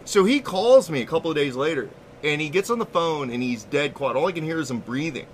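A man co-hosting a podcast, telling a story in casual, profane, animated chat. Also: fairly high pitch, brisk, a little hiss or hum. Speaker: podcast co-host.

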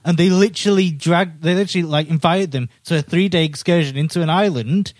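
Male podcast co-host, slightly high voice, dry deadpan jokes, close dry mic. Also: fast, dry recording. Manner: dry sarcastic humor, rambling. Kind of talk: casual gaming podcast chat.

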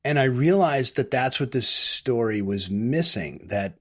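A male film director appears as a podcast guest in a casual storytelling interview, speaking at a medium pitch, expressively and without hurry. He tells long, rambling anecdotes, frequently interrupting himself and starting over.

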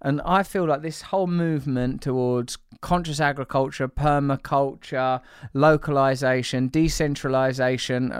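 A man's voice: mid-range voice, smooth, no room sound. A man running a loose, chatty podcast, wandering from thought to thought and slipping into playful teasing. His voice sits in an ordinary middle range and sounds close and dry, with no room around it. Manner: rambling, jokey and teasing, with many fillers. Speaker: podcast host. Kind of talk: casual podcast chat.

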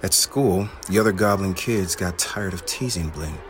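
A man reading a children's storybook aloud in an expressive, steady way. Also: deep voice, moderate pace, noisy background.

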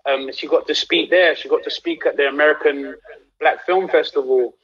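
A man's voice: fairly high pitch, normal speed, slightly rough, lo-fi sound. A young man from London with a London accent, telling stories as the guest in a casual live-streamed interview. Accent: London English. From England. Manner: relaxed storytelling, animated when recounting anecdotes. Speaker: actor guest.

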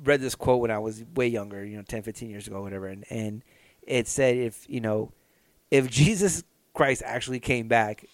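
A man's voice: mid-range voice, moderate pace, no room sound. A man co-hosting a podcast, telling a story in a casual, profane, joking way. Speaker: podcast co-host. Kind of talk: casual chat.

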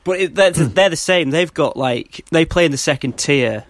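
A man's voice: fairly high pitch, moderate pace, dry recording. Rambling English man, dry sound. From England. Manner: rambling, animated storytelling with many restarts. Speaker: podcast co-host. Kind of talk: casual chat.

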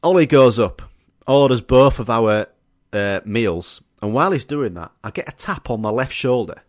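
A man's voice: medium pitch, animated, normal speed, no room sound, clean studio sound. Yorkshire man telling funny stories. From Yorkshire, England. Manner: laughs often, swears, acts out quotes. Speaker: podcast host. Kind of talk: solo storytelling podcast.

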